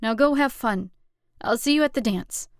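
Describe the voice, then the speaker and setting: A woman's voice: fairly high pitch, dry recording, clean studio sound, pitched above the performer's own voice, natural voice. Woman voicing a hurt, tearful teenage girl. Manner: slow, wounded delivery.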